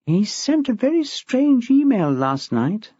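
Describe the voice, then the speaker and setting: A man's voice: extremely high pitch, big pitch swings, slow pace, warm tone, breathy edge, dry recording, voice pushed up, full character voice. A man voicing an ambitious young woman staff member who presses her point earnestly, in a dull, dry recording. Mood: insistent.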